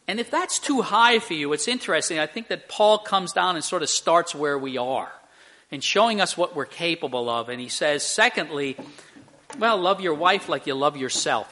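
A man's voice: on the high side, sharp tone. An older man preaching a sermon, telling a story earnestly and acting out the people in it. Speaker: pastor.

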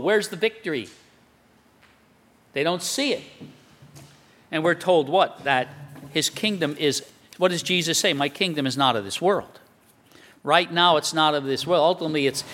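A man preaching a sermon, talking it through like a conversation and tossing out rhetorical questions. His voice sits a little high and sounds bright and forceful. The sound carries a long reverb from a big hall.

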